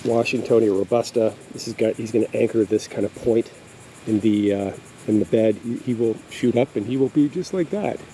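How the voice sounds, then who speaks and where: This man's voice sits on the low side, with a dark tone and a brisk pace. He narrates a loose, casual walk through his backyard garden outdoors, stumbling often over fillers, in a low-quality recording with faint insect sounds.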